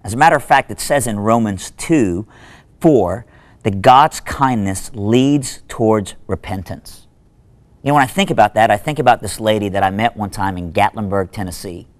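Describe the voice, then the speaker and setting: A man, a minister, giving a short devotional talk in an animated, conversational storytelling manner with lively asides. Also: fairly low pitch, normal speed. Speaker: minister and speaker.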